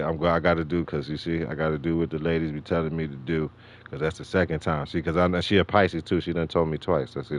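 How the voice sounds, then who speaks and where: A middle-aged man from New York City hosting a gaming livestream, rambling in slangy casual chat and laughing often. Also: very deep voice. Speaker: livestream host.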